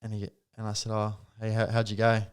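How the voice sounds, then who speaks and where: Animated young Australian man telling a story. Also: lowish voice, a little fast, smooth. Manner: animated storyteller, laughing, acting out quotes. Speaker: podcast guest. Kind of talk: casual storytelling.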